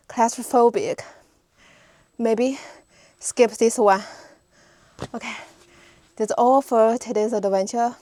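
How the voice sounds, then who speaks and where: A woman's voice: fairly high pitch, a little mellow, no echo. A young woman vlogging casually as she hikes through a narrow, humid cliff crack, chatting to viewers as she walks. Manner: chatty, talks to viewers while walking. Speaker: hiking vlogger. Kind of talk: casual vlog narration while hiking.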